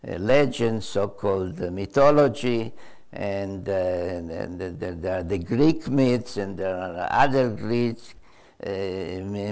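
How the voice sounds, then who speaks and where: A man's voice: fairly low pitch, gravelly, darkish tone. An older male author giving an unscripted storytelling answer to a question, hesitant and full of uh fillers and repeated words.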